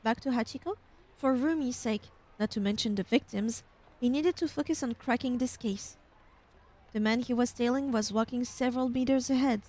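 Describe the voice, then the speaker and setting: A young woman streamer reading a game's text aloud with expressive narration and casual asides. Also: on the high side, moderate pace.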